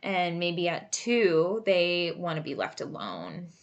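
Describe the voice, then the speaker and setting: A woman working as a creative arts therapist, explaining a coping exercise in a relaxed, chatty way with many fillers and asides. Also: lowish voice, slow pace, highs cut off. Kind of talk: casual instructional talk.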